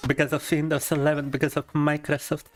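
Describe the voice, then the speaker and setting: A man's voice: a little high, little pitch movement, fast. A young man chats on a live stream. He rants in an overblown mock-tragic tone and flips between two languages. Game music plays faintly behind him. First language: Russian. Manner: mock-dramatic rambling, bilingual switching. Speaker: gaming streamer. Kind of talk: casual live-stream chat.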